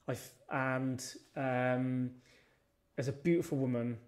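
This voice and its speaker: A man's voice: medium pitch, fairly even intonation, slow, darkish tone. A man, a podcast guest telling personal stories in a casual chat, blunt and swearing freely.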